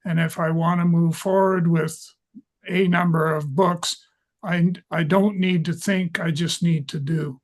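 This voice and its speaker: Plain-spoken man with a higher voice. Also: fairly even intonation, measured pace. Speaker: guest, writer and mentor. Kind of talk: casual roundtable chat.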